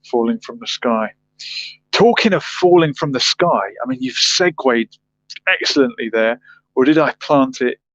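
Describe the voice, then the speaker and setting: This livestream host is a man whose medium-pitched voice is a bit bright. He keeps things casual, reads comments from viewers, and ponders out loud with rhetorical questions. The sound is dull, lo-fi, and dry, with no echo.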